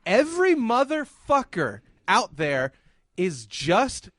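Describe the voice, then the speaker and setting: A man with an unusually high voice rants through a podcast, swearing freely and bursting into shouts. The sound is close and dry, with no room around it. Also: huge pitch swings, slow pace, no room sound. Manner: profane, ranting, often shouting. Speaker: podcast host. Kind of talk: ranting podcast talk.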